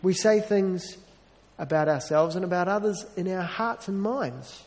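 A man's voice: sits high, measured pace, a little mellow, long reverb tail. A man preaching a sermon in an earnest, conversational way, with wry self-deprecating asides.

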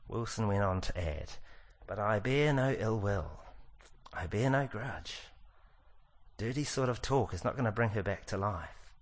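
A middle-aged male pastor preaching, his voice sitting fairly low. He talks earnestly and drags out the words he wants to land. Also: a bit bright. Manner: earnest, slows down to stress key lines. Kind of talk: sermon.

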